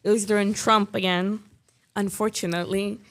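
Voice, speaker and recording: A woman's voice: mid-range voice, fairly even intonation, normal speed. A young woman from Chicago, a podcast guest, talking in a casual, chatty way and leaning heavily on "like" and "you know". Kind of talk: casual interview chat.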